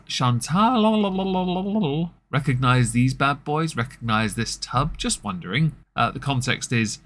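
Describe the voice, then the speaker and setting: Male host, dry sarcastic commentary, deadpan read-outs, mid pitch. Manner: wry, sarcastic, reads messages aloud deadpan.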